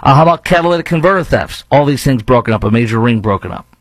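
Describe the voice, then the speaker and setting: A man's voice: mid-range voice, lively intonation, fast talker, no echo, poor audio. A man with a Chicago accent hosting a talk radio show, delivering a rambling, opinionated monologue and arguing with imagined objections.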